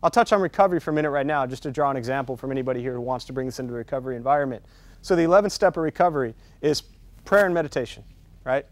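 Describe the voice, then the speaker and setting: A man with a mid-range voice talks very fast in a dry recording while leading a meditation teacher-training workshop. His tone is casual and conversational, and he keeps checking in with "right?" as intensity builds toward his key points.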